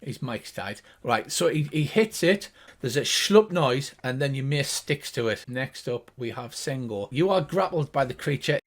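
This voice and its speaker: A man's voice: mid-range voice, breathy edge. An older man running a tabletop game as game master, narrating in vivid detail with fillers.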